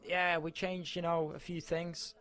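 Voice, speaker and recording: A man's voice: on the high side, level tone, a little slow, a bit bright. Man, footballer from Mallorca, post-match interview, earnest, emotional, voice cracking. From Mallorca, Spain.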